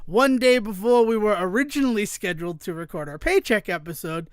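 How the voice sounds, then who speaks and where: A podcast co-host in casual chat, telling stories in an animated way and swearing freely. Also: male voice, sits high, a little fast, clean tone, no room sound, clean studio sound.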